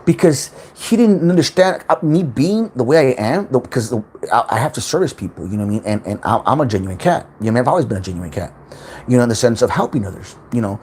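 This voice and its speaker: Rambling, lively-voiced man on a livestream. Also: mid-range voice, quick pace, a little hiss or hum. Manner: rambling, repeats words, swears freely, animated. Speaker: spiritual self-help livestream host. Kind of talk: casual livestream monologue.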